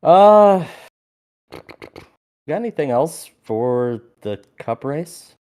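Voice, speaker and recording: A man's voice: on the high side, drawn-out words, smooth. Podcast co-host, male, casual storyteller with a lot of swearing. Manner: animated storyteller, swears freely.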